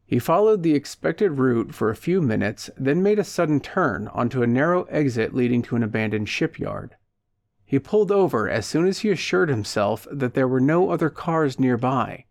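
A male audiobook narrator with a mid-range voice, reading a dark short story in a steady, even way. The recording is dry and close, with no room sound. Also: mid-range voice, moderate pace, creaky, no echo. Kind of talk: scripted narration.

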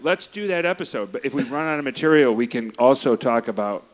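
A man's voice: medium pitch, lively intonation, fast talker. A man co-hosting a casual podcast about old TV, easygoing and laughing along. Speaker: podcast co-host. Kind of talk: casual retro TV chat. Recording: dull lo-fi sound.

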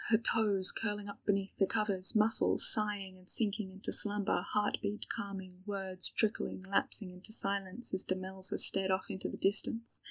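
A woman reading a story aloud in a soft, measured storytelling manner, on a dull lo-fi home recording. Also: medium pitch, gravelly, breathy edge, no room sound. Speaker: reader. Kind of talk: audiobook narration of fan fiction.

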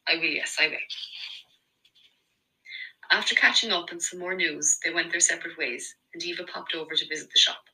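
Bright-toned Irish woman narrator. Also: on the low side, rough recording. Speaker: audiobook narrator. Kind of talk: scripted narration.

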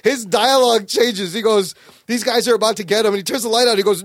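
A man hosting a casual podcast, animatedly retelling a comic story with profanity and quick acted-out quotes. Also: sits high, no echo, studio quality. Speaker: podcast host. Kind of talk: casual comic book chat.

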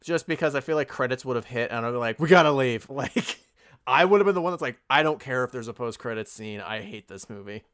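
A man chatting casually as a podcast co-host, his voice sitting in a middle pitch. He tells stories in an animated rush and breaks into loud, swearing outbursts. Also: fast talker, clean tone, no echo, clean studio sound. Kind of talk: casual movie review chat.

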